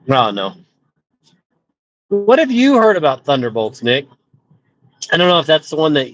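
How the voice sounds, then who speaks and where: A man's voice: mid-range voice, low-quality recording. A man chatting casually while driving on a road trip, rambling with profane, chuckling asides. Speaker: vlogger. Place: inside a car on a road trip.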